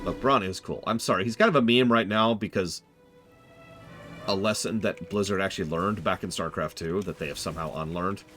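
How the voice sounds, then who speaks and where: Chatty male streamer, low voice. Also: a little fast, music in the background. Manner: chatty, opinionated, joking. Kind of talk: casual game commentary.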